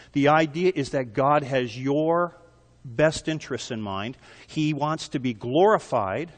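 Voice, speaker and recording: A man's voice: mid-range voice, big-room sound. A male pastor preaching a sermon in an earnest way, building emphasis with repeated phrases.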